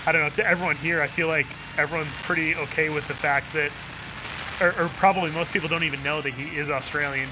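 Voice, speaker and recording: A man's voice: fairly high pitch, noisy background. A man live-streaming a game who reads viewer chat aloud, chuckling often and talking in a friendly, chatty way.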